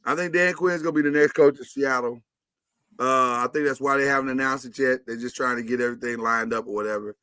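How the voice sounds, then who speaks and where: A man's voice: mid-range voice, fairly even intonation, fast talker, sharp tone, smooth, no echo. A man hosting a casual sports talk show, chatty and opinionated as he runs the segments.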